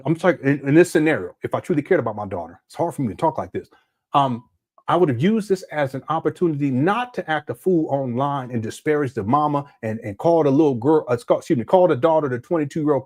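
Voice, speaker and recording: Animated man ranting on a livestream. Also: a little high. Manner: emphatic, repetitive, conversational. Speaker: host of a live commentary show. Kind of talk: livestream commentary.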